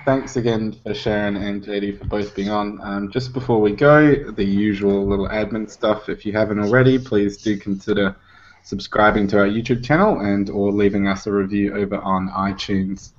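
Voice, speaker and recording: A man hosts a podcast and wraps up in an easygoing, informal voice. His voice sits a little low. The sound comes through a muffled, lo-fi call. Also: fairly even intonation, normal speed. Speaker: podcast host. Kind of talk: casual show wrap-up.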